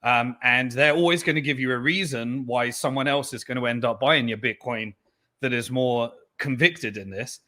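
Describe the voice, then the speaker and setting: A man being interviewed, talking earnestly and filling his pauses with "um". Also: mid-range voice, bright, forceful tone. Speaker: interview guest. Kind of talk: candid interview talk.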